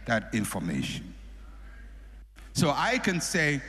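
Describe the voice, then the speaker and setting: A middle-aged male pastor delivers a sermon with a lively, fairly high voice that swings up and down. He slips into the voices of the people he quotes. The sound rings with long reverb from a large hall. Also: moderate pace, slight background noise. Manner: animated preaching, acting out quoted people.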